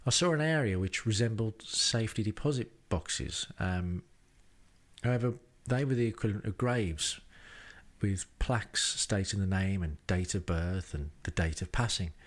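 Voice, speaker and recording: A man's voice: fairly low pitch, lively intonation, moderate pace. A man hosting a podcast, narrating a travel diary in a dry, self-deprecating way with wry asides. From England. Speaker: podcast host. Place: rented home.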